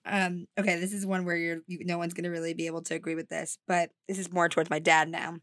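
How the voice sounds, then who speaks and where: A young adult woman co-hosting a podcast, expressive and exasperated as she retells family stories in casual chat. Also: fairly low pitch, quick pace, dry recording, studio quality. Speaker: podcast co-host.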